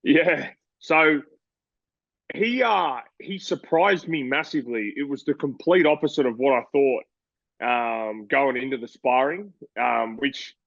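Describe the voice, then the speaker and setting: A man's voice: mid-range voice, no echo, highs cut off. A young Australian man, a boxer, talking casually in an interview, rambling and acting out voices as he tells stories. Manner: rambling, animated storytelling with voices.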